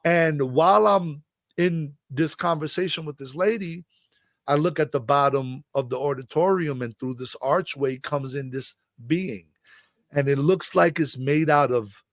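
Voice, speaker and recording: A middle-aged man from the Bronx, recounting a long personal story as an interview guest, rambling and halting with many fillers. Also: on the high side, no echo, studio quality. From the Bronx, New York.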